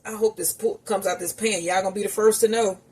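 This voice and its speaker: A woman's voice: mid-range voice, steady tone, fast, a little mellow, slightly rough. A woman chatting casually to her viewers while she cooks in her home kitchen, calling them y'all. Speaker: home cooking vlogger. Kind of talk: casual cooking vlog narration.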